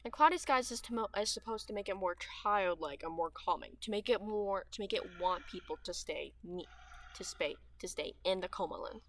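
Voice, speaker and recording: Bright-voiced teen girl with a dry throat. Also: medium pitch, a little fast, a little hiss or hum. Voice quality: dry mouth with audible lip smacking. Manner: chatty and meandering, with frequent fillers and trailing restarts. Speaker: gaming streamer. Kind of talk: rambling gameplay chat.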